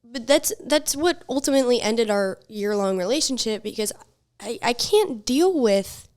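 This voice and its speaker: A woman's voice: on the high side, expressive, moderate pace, a little mellow. A young woman hosting a podcast in casual chat, blunt and swearing freely as she tells stories. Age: young adult. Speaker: podcast host.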